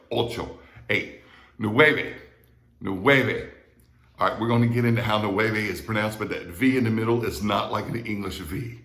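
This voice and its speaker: A man's voice: sits low, bright, forceful tone. A male Spanish teacher with an American accent, patiently repeating words and checking in with his students. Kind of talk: recorded classroom lesson. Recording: echoey room.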